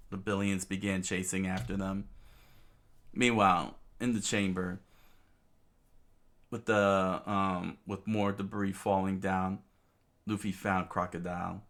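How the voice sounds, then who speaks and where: Deep-voiced man reading slowly, stumbling. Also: level tone, fairly bright tone. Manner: hesitant, with many fillers and self-corrections. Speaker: reader. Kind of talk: casual comic read-aloud.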